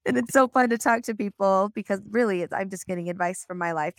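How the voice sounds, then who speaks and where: A woman's voice: mid-range voice, quick pace, few pauses, no echo, soft background music. A woman hosting a podcast interview in a casual, effusive way, her voice scratchy from recovering, often restarting her sentences. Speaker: podcast host.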